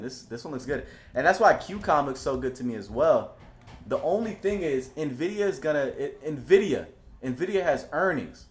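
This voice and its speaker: Male market commentator, mid-pitch, casual and animated, repeats himself a lot. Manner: animated, swings from calm to excited; repeats himself and restarts often.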